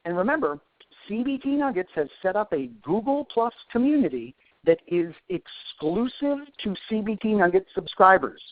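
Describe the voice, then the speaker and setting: A man's voice: sits high, big pitch swings, moderate pace, no echo. A man in his forties, an instructor answering questions in a live webinar, chatty with self-deprecating asides. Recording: tinny phone-like dry sound.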